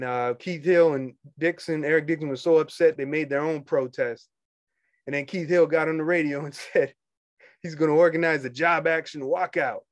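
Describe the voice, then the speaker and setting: Animated man talking to union members. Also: on the high side, dry recording. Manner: animated, laughs often, dismissive asides. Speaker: union organizer. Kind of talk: casual talk to members.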